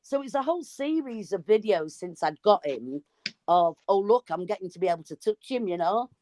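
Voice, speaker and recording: A woman telling a story in casual chat, animated and swearing freely. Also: medium pitch, normal speed, slight background noise. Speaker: live stream guest.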